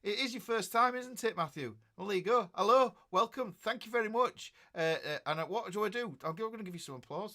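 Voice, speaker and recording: A man's voice: high voice, normal speed, pushed and bright. A middle-aged man, a guitar teacher chatting casually on a livestream and reading out viewer comments in a rambling way.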